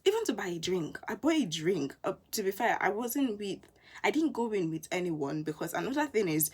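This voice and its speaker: A young woman, a university student telling stories in a casual vlog, animated and full of quoted asides. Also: medium pitch, brisk, slightly rough. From England. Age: young adult.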